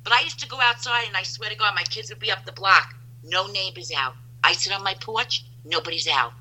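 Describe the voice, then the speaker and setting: A woman, a guest telling loud, animated stories in casual chat over a phone line. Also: mid-range voice, brisk, husky.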